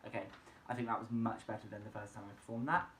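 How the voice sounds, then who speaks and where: A man's voice: fairly low pitch, level tone, fast talker, fairly bright tone, distant mic. A man thinking aloud about his own singing practice, talking through each attempt and picking out what to fix. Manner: self-critical, talks through each attempt. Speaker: singing student. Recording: echoey room with faint hum.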